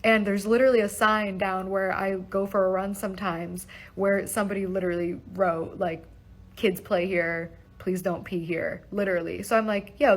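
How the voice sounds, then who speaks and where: A young woman recounting an upsetting personal event in a casual storytime vlog, talking fast with lots of "like" and swearing, emotional and shaken. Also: medium pitch, rough recording. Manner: fast, breathless, heavy use of "like" and swearing.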